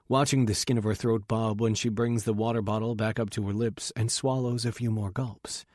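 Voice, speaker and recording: A man's voice: lowish voice, steady tone, fairly quick, hardly any pauses, a little mellow, no room sound, clean studio sound. A man reading a romance audiobook as a first-person narrator with an intimate, wry inner monologue.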